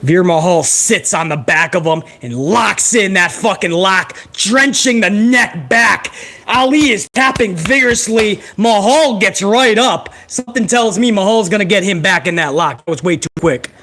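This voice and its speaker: A man giving live, profane play-by-play reaction to a wrestling broadcast, excitable and joking. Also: sits high, moderate pace. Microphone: headset.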